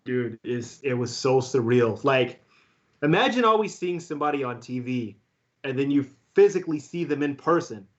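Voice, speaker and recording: Excitable man telling a story. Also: medium pitch, normal speed, dull audio. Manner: excitable, laughs often, many fillers. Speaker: guest beatboxer. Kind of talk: casual storytelling.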